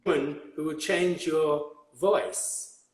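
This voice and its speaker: A man's voice: fairly high pitch, fairly even intonation, roomy sound, rough recording. Older man with a posh English accent. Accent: old-fashioned upper-class English. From England. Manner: rambling and halting, with many repeated words and fillers. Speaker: guest hairdresser. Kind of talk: conversational interview.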